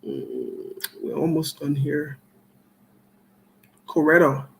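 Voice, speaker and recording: A man's voice: a little high, gravelly, low-quality recording. A man hosting a call-in talk show, greeting callers one by one and then turning to political commentary. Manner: greets callers by name in a steady string, joking asides; slow, deliberate delivery.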